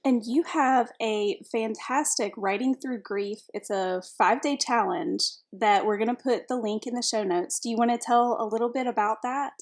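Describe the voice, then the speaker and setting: A woman co-hosting a casual podcast, giving bright, upbeat prompts to her guest. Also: on the high side, moderate pace, hardly any pauses. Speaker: podcast co-host.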